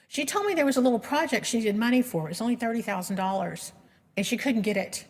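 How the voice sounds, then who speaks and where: A woman's voice: a little high, expressive, quick pace. A middle-aged woman telling her story as a patient advocate in an earnest, emotional way, with frequent restarts. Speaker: patient advocate giving a presentation. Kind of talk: personal storytelling presentation. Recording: long reverb of a lecture hall.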